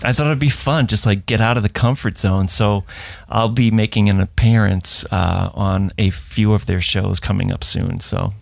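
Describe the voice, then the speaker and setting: A man's voice: on the low side, fairly even intonation, normal speed, creaky, no echo. A man co-hosting a podcast, chatting casually and laughing easily. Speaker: podcast co-host. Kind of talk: casual chat.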